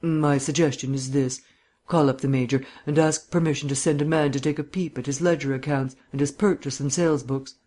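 A man voicing a suave, bantering gentleman sleuth with bland, mannered phrasing in an audiobook reading. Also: on the high side, steady tone, brisk, close to an everyday voice. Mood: earnest.

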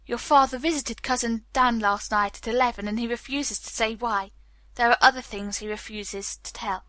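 A woman narrator voices a courteous young gentleman who calmly reassures. The sound is bright and dry. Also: a little high, moderate pace, no echo. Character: polite young man, reassuring.

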